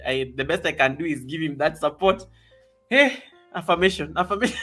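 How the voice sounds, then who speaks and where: A man hosting a casual live stream, excitable and reading viewer comments aloud. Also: on the high side, measured pace, long pauses, faint music behind.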